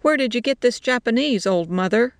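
A woman reading a story voices a group of harsh male soldiers who shout bluntly at an old villager. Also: medium pitch, measured pace, gravelly, dry recording.

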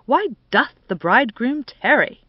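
A woman playing a droll, affected gentleman. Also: a little high, big pitch swings, a little slow, no echo, dull audio, voice pushed up. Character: jovial, affected middle-aged man with a monocle.

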